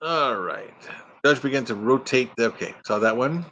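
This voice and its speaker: Lively joking older Texan man. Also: mid-range voice, normal speed, a little hiss or hum. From Texas. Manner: jokey, slips into silly bits and voices. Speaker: livestream host. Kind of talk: casual live chat.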